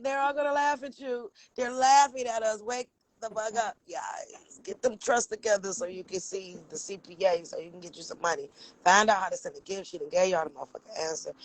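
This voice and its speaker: A woman holds forth on a casual livestream, emphatic and profane, breaking into laughter often. Her voice sits at a middling pitch and sounds close and dry, with no room around it. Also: dry recording, poor audio. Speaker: livestream co-host.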